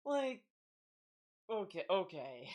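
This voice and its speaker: A man streaming live and reacting to videos, talking in an excitable, stammering way. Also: sits high, takes it slowly. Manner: animated, excitable, stammering repeats.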